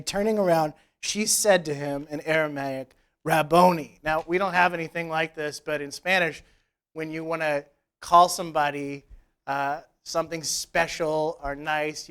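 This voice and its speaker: A man's voice: a little high, a bit bright, clean tone. A man preaching a conversational sermon in church, retelling scripture with casual, joking asides. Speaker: pastor. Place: church service.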